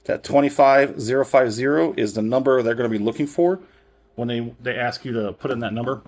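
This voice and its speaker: A man's voice: mid-range voice, brisk, a little mellow. A man reviewing a whisky in a casual, rambling way, often correcting himself and chuckling. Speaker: spirits reviewer.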